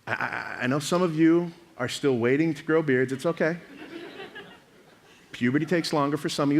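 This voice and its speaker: High-voiced young man preaching casually. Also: a faint crowd, slight background noise. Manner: casual, joking storyteller acting out quick dialogues. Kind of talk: youth sermon.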